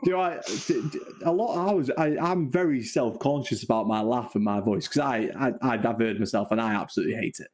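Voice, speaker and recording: A man's voice: medium pitch, brisk, hardly any pauses, darkish tone. A man in his thirties with a Mancunian accent, chatting casually on a podcast, laughing often and poking fun at himself. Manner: laughs often, self-deprecating. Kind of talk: casual chat.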